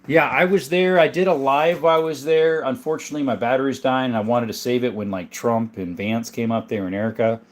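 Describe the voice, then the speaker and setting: Man, 30s, from southern Arizona. Relaxed livestream host, mid-pitched voice, reads out chat and thanks viewers by name. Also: brisk, few pauses. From southern Arizona, USA. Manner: laid-back, chatty, greets viewers by name. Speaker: livestream host and gun collector. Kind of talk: casual livestream chat reading comments.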